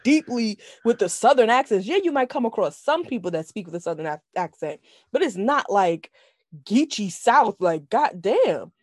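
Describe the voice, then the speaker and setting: A woman talks in a casual chat, blunt and frequently profane, laughing between points. Her pitch swings widely, and the sound is dry and close. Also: sing-song, normal speed, dry recording. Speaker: podcast co-host reviewing a film.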